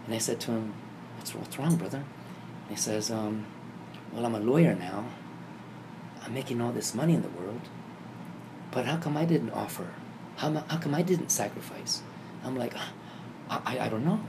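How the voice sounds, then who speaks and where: A man casually telling a vivid dream story, acting out the scenes and getting animated and higher when excited. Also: normal speed, long pauses. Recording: noisy background ambience.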